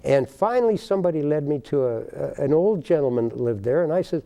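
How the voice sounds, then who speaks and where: An older man, a baker, telling stories in a TV interview in a folksy, animated way, acting out the people in his tales. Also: a little high, fast, gravelly, hardly any pauses. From United States. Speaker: guest, baker. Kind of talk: storytelling in a TV interview.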